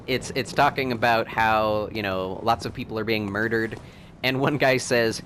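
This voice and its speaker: A man hosting a video game playthrough, rambling and excitable, and laughing often as he plays. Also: fairly low pitch, a little slow, over music. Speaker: let's play host. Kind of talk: gameplay commentary.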